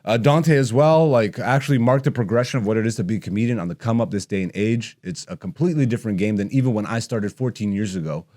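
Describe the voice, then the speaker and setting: A man's voice: lowish voice, fast talker, hardly any pauses, mellow. A man in his thirties, a comedian hosting his podcast, ranting bluntly and profanely while gaming.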